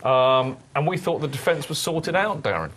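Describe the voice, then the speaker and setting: A man's voice: on the high side, moderate pace. A man hosting a football fan podcast, chatting and joking with a panel. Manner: animated, jokey, leads the talk. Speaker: podcast host. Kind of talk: casual football chat.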